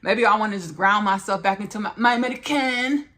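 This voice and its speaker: A woman's voice: medium pitch, steady tone, quick pace, pushed and bright. A woman hosting a spiritual podcast monologue who repeats her phrases and talks straight to her listeners as "y'all" and "baby.". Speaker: podcast host.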